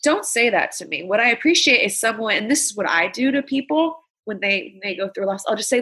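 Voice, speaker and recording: Speaking quickly with few pauses, this Los Angeles woman sounds sharp and slightly rough, her mid-range voice full of lively intonation. She's a comedian chatting casually as an interview guest, telling profane, blunt, candid stories.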